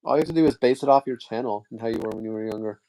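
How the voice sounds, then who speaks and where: A man's voice: mid-range voice, very fast, warm tone, a little hiss or hum. A young man chatting casually with a friend on a stream, playful and eager, teasing him with jokes and suggestions. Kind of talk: casual chat.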